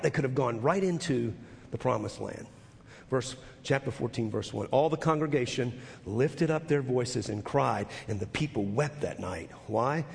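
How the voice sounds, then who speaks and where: A man preaching a sermon as pastor, emphatic and swinging from quiet to loud, often repeating words as he goes. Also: mid-range voice, creaky. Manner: repeats words and restarts phrases. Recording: long hall reverb.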